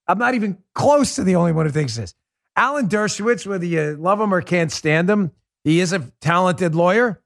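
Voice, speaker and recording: Emphatic high-voiced male podcast host. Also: lively intonation, a little fast, gravelly, no room sound, clean studio sound. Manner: emphatic, conversational, repeats for stress. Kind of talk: opinion commentary monologue.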